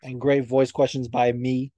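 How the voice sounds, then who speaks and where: A young man hosts a podcast, chatting casually and swearing a lot while he tells animated stories. His voice is mid-range and unhurried, with no room sound.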